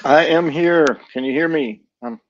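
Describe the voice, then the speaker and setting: A man joining a live show as a guest over a video call and explaining things in a relaxed way. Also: a little high, a little slow, a little hiss or hum. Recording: dull video call audio.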